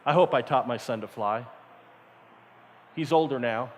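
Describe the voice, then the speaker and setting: In a reverberant camp meeting hall, a middle-aged man delivers a storytelling sermon, animatedly acting out the voices of his characters. His mid-range voice moves a little slowly, with slight background noise.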